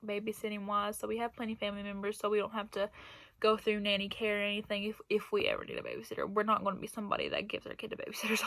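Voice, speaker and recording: A woman's voice: medium pitch, vocal fry, a bit bright, no echo. A young woman telling a personal story in a casual vlog, rambling and laughing between phrases. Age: young adult. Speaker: vlogger.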